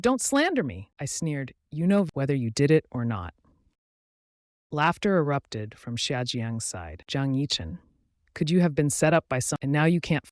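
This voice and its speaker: A man reading a drama story recap as narrator, voicing every character's lines in the same even voice. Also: fairly high pitch, no room sound, studio quality.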